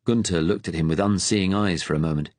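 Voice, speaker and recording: A man narrating a wartime thriller audiobook in a steady, measured way. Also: sits low.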